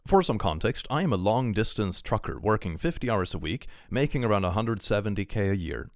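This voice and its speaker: Deep-voiced man chatting on a stream. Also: animated, a little fast, dry recording, studio quality. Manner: chatty, rambling, laughs often, reads posts aloud. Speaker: streamer reacting to online posts. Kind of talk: casual live-stream commentary.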